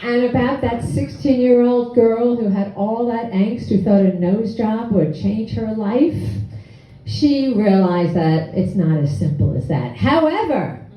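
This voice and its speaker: A woman in her sixties telling a personal story on stage, wry and animated, acting out her own past lines. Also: on the high side, unhurried. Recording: echoey hall, distant dull mic.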